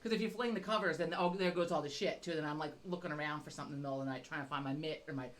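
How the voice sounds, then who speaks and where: A woman's voice: sits low, steady tone, very fast. A middle-aged woman on a podcast, telling a rambling, self-mocking story with constant swearing. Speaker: podcast co-host. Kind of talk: casual chat.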